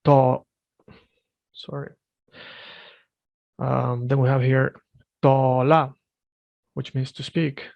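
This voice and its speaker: A man teaching a one-on-one language lesson, correcting firmly and repeating words slowly for his student. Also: medium pitch, completely flat delivery, vocal fry, darkish tone, no room sound, muffled recording. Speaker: Swedish teacher.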